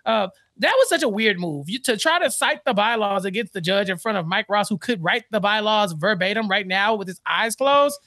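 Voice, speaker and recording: A man co-hosting a podcast, recapping a TV episode in casual chat, animated and fond of acting out the characters' lines. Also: high voice, normal speed, hardly any pauses, no echo, studio quality. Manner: animated, acts out characters with exaggerated quotes. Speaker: podcast co-host.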